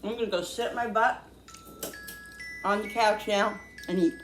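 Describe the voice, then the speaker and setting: A woman hosting a casual cooking vlog from her home kitchen, gushing and excitable about the food as she eats and talks. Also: mid-range voice, unhurried, reverberant, heavy background noise. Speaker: cooking vlogger.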